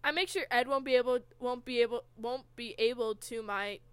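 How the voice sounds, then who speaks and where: A woman's voice: on the high side, brisk, clear, resonant tone, no room sound. A woman co-hosting a comedy podcast, reading fanfiction aloud with frequent giggles and banter. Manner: giggly, often laughing mid-sentence.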